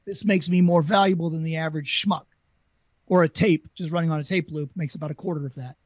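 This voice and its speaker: A Southern US man tells carnival stories in a quick, animated interview voice. His pitch sits high for a man. The sound is dry and close. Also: dry recording. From Southern United States. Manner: fast, animated talker. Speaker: guest, former carnival talker. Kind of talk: casual storytelling interview.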